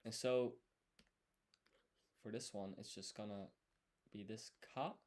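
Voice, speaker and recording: A man studying on a live stream, thinking aloud as he writes and explaining each step in a deliberate, self-correcting way. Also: on the low side, steady tone, a little mellow. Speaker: language learner streaming his study.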